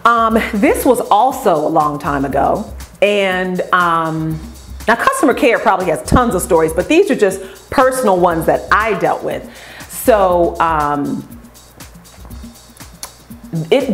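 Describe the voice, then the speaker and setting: A woman who owns a beauty company tells customer stories in an animated way and acts out the voices of the people in them. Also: lowish voice. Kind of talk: storytelling vlog.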